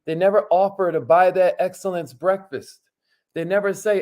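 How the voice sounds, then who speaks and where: A man's voice: fairly high pitch, normal speed, darkish tone. A man hosting a motivational talk, speaking casually, calling his viewers y'all and leading them through affirmations. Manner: casual, repeats words, addresses viewers as y'all; leads call-and-response affirmations. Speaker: host.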